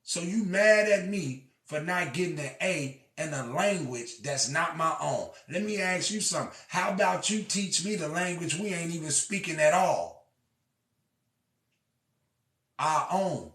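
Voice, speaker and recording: Passionate male storyteller, rough-edged and repetitive, distant in an echoing room. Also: fairly high pitch, lively intonation, a little slow. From Illinois. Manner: impassioned, swings from shouting to quiet; profane, repeats himself. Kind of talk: preaching monologue. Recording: echoey room, far from mic.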